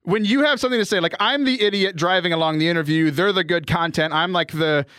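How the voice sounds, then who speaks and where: A man's voice: sits high, fast talker, fairly bright tone, smooth, no room sound. A man co-hosting a podcast in casual chat, self-deprecating and laughing often, talking over a remote call while he has bronchitis. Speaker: podcast co-host. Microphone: remote call mic.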